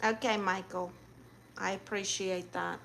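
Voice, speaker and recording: A woman's voice: mid-range voice, fairly even intonation, unhurried, vocal fry, a bit bright. A young adult woman hosting a livestream, reading chat messages aloud and answering with sassy, teasing comebacks.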